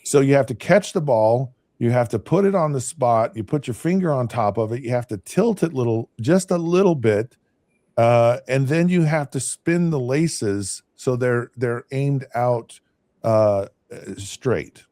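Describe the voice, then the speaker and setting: A man in his fifties with a relaxed, mellow tone tells a long story in a loose, chatty way, often circling back and restarting his sentences. The sound is close and dry, with no room around it. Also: mid-range voice, a little slow, no room sound. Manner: rambling, with frequent restarts and repeated words. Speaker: podcast host and former NFL quarterback. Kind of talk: casual anecdotal storytelling.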